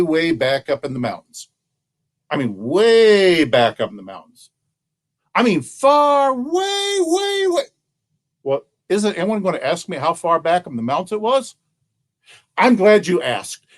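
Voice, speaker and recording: A male children's librarian telling a story straight to camera, playful and animated, pausing to ask his young listeners questions. His fairly high voice swings widely up and down as he draws out the tale.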